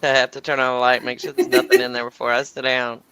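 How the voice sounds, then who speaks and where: A middle-aged woman hosting a casual chat, telling stories in an animated way, swearing freely and acting out the people she quotes. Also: rumbling low, fast talker, smooth. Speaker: show host.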